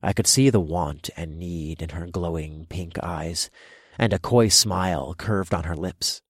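Deep-voiced husky male narrator. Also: a little slow, dry recording, studio quality. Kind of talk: erotic audiobook narration.

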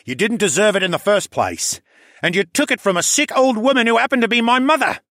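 A man's voice: sits high, expressive, fairly quick, fairly bright tone, dry recording, voice pushed up. Guy doing a defiant young noble, firm and cocky, dry close mic. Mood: angry defiant. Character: young male count, proud and defiant. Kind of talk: audiobook character voice.

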